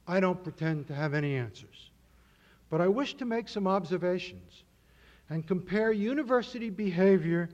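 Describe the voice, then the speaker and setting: A man giving a measured, formal lecture with slides, with a dry humor. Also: high voice. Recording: dull lo-fi audio.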